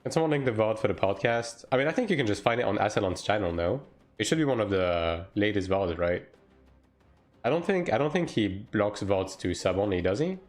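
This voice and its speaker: Male game streamer, lowish voice, loose and profane, chatting with his viewers mid-match. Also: lively intonation, fairly quick, faint music behind. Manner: casual, profane, talks to chat while playing. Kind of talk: live-stream gaming commentary.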